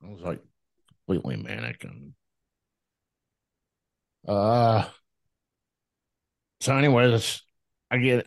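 Thirties male guest, low-pitched, animated and profane, restarts often, dry recording. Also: vocal fry, dry recording. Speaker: podcast guest. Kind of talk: casual storytelling interview.

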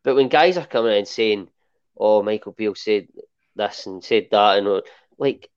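A man's voice: fairly low pitch, moderate pace, clean tone. A Scottish podcast regular talks bluntly in a casual football chat and laughs easily. His recording comes through dull and muffled. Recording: dull lo-fi sound.

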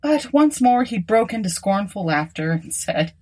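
A woman narrating an old tale as an audiobook, in a measured, expressive way. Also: mid-range voice, husky.

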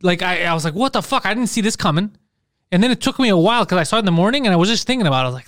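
Man, podcast co-host, high lively voice, rapid talk, dry close mic. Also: no echo. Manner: animated storytelling, swearing, acting out quotes. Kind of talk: casual comedic chat.

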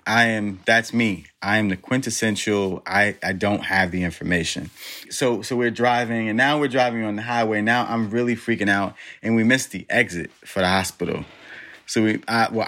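A middle-aged man telling an animated, self-deprecating story, full of fillers. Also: on the low side, moderate pace. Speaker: father recounting a birth. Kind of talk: storytelling interview.

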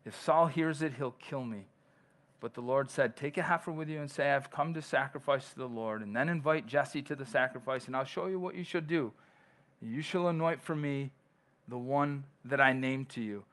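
Reading scripture aloud at length, a male pastor preaches conversationally and restarts often. His voice is mid-range and fairly bright, at a moderate pace.

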